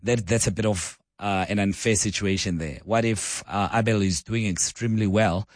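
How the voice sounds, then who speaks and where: A croaky-voiced man hosts a live radio talk show from the studio mic. He speaks in a low register and keeps it conversational, rambling with fillers and restarts. The sound is dry and close. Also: moderate pace, dry recording. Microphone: studio microphone.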